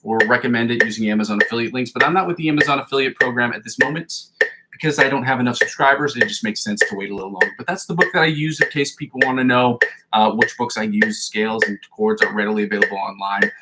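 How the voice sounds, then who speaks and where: A man's voice: medium pitch, fast talker. A man hosting a guitar practice livestream, calling out scale positions and tempos, then chatting loosely with fillers and the odd swear word. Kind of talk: casual spoken instruction during practice. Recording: loud background noise with clicks.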